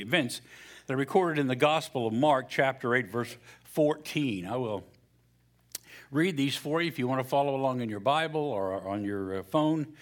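A man preaching a sermon as a pastor, telling a joke and then reading scripture in a lively, storytelling way. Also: medium pitch.

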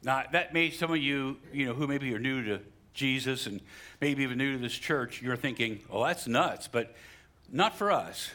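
A middle-aged male pastor preaching a sermon, animated, with sudden rises for emphasis and asides to the congregation. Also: medium pitch, normal speed.

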